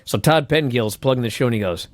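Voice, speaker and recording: A man's voice: medium pitch, quick pace, no room sound, studio quality. A man co-hosting a casual podcast, animatedly retelling events with laughs and the odd swear. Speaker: podcast co-host. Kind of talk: casual chat recapping wrestling.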